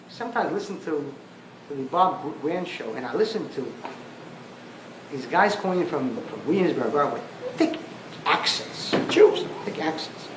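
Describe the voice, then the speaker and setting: Emphatic rabbi lecturing in an echoey hall. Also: male voice, a little high, animated, unhurried, a little hiss or hum. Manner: emphatic, mocking, rhetorical questions. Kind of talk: impassioned public lecture. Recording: echoey archival lecture recording.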